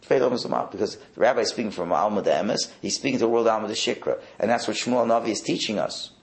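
A man, a rabbi, teaching a Torah class in a wry, animated way, sprinkling in Hebrew and Yiddish words. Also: on the low side, fast talker.

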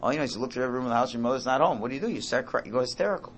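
A man's voice: medium pitch, lively intonation, rapid-fire, hardly any pauses, slightly rough. A man teaching an informal Torah class, emphatic, repeating his phrases and mixing in Hebrew and Yiddish terms.

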